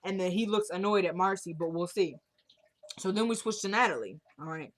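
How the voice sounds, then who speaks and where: A woman casually retelling a TV episode scene by scene, quoting the characters in an animated, chatty way. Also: medium pitch, fairly quick. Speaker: TV episode recapper. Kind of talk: casual episode recap vlog.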